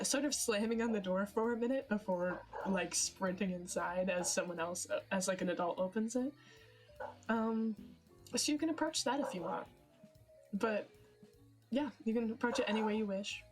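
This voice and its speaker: A young woman narrating a tabletop fantasy game as game master, hesitant with many fillers and frequent giggles. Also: mid-range voice. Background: background music.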